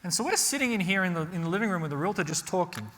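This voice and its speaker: Animated man from Australia teaching. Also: sits high, very fast, a little hiss or hum. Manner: animated storytelling with frequent rhetorical "right?". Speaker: real estate workshop presenter. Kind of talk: live workshop talk to an audience. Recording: hall reverb.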